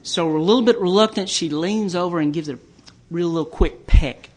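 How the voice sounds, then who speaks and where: A man's voice: high-pitched, a little fast. A man from Tennessee with a Southern US accent, giving a folksy recovery talk at a conference and telling jokes with frequent stammered restarts. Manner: folksy storytelling with joke punchlines. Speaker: AA speaker.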